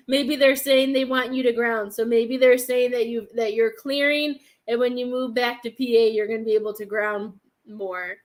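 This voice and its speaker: A woman's voice: fairly high pitch, fairly even intonation, a little slow. A woman hosting a live-stream psychic reading, hesitant and thinking aloud as she speaks to viewers by name. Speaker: psychic medium host.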